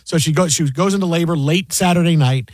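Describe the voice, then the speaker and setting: A man's voice: fairly high pitch, fairly quick, dry recording. A man hosting casual sports talk radio, telling stories animatedly and acting out quotes. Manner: animated storyteller, acts out quotes loudly.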